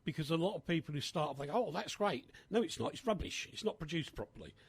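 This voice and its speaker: A man hosting a casual radio chat, animated and chatty with many fillers. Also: on the high side, fast talker, slightly rough, no room sound. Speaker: radio host.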